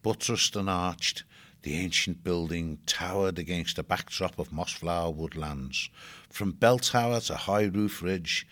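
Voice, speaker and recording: Male audiobook narrator, deep, steady scripted storytelling. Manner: slow, measured storytelling.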